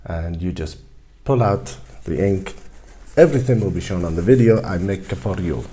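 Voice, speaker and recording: A man's voice: deep voice, moderate pace, mellow. A man hosting a casual how-to demonstration in a loose, joking, rambling way. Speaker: tutorial host.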